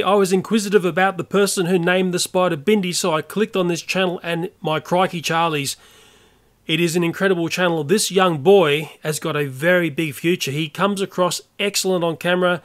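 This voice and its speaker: An older Australian YouTuber delivering an earnest, opinionated rant to camera. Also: male voice, high voice. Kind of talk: ranting monologue to camera.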